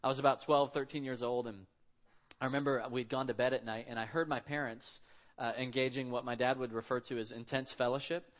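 A man's voice: mid-range voice, fairly even intonation, brisk. A man in his thirties preaching a sermon in a conversational, storytelling way. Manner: conversational storytelling, acts out quotes. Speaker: pastor.

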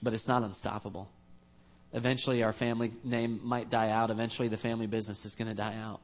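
A man's voice: lowish voice, flat delivery, quick pace. A man preaching a sermon as a pastor, earnest and conversational, with frequent restarts.

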